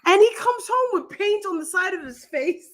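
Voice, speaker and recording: A woman chatting casually and telling a story, swearing freely, laughing often and dropping her voice low to quote someone else. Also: expressive, moderate pace, a bit bright. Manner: profane, laughing storyteller, quotes others in a lowered voice.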